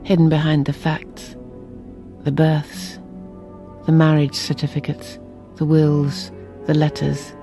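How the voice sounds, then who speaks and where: An earnest daughter, warm gravelly voice. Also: female voice, deep voice, monotone, slow, faint music behind. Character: daughter researching her missing mother's family tree. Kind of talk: radio drama acting.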